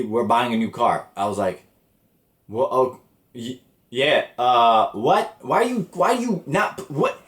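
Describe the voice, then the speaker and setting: A young man tells a story on his podcast in a loose, profane, animated way, acting out both sides of the conversations. His voice sits at an ordinary pitch. The room around him adds a noticeable echo. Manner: animated, profane, exasperated retelling with quoted dialogue. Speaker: podcast host. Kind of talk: casual storytelling. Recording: roomy echo.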